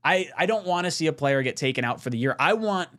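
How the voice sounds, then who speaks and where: A man hosting a casual sports talk show, his pitch swinging up and down as he gets excited. He reads viewer messages, jokes, and swears casually. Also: fast talker. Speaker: podcast host reading super chats.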